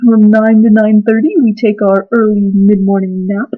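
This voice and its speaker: A woman voicing sleepy, lazy townsfolk in a storybook reading, speaking in a drowsy, unhurried way with a husky voice. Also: medium pitch, completely flat delivery, lightly acted. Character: lazy sleepy dawdling town folk. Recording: tinny phone-like sound.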